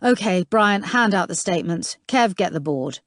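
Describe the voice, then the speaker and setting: A woman voicing a brisk, commanding female detective inspector giving orders to her team. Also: lowish voice, lively intonation, no room sound, clean studio sound.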